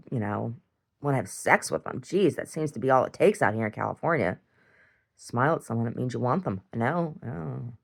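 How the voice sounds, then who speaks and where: A video diarist with a very deep voice and vocal fry rambles through a monologue. She's profane and blunt, restarting again and again, frequently saying "I don't know" and chuckling often.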